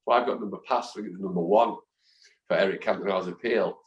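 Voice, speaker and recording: A man in his fifties, a guest in a casual interview, telling animated anecdotes and acting out the voices of people he quotes. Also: deep voice, quick pace, lo-fi sound. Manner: animated storyteller who acts out quoted voices. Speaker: guest, football fan. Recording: echoey room.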